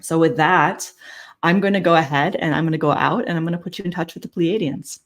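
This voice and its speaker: A woman hosting a spiritual podcast, speaking softly and haltingly, repeating words as she restarts phrases before a channeling. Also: sits low. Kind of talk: guided spiritual talk.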